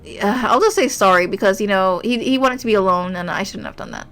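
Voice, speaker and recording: A young woman, a streamer who reacts excitably and laughs often while reading a story game aloud. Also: mid-range voice, a little fast. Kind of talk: game playthrough commentary.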